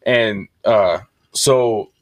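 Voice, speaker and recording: A man's voice: lowish voice, very slow. A man co-hosting a podcast, telling rambling stories in casual banter and swearing freely. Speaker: podcast co-host.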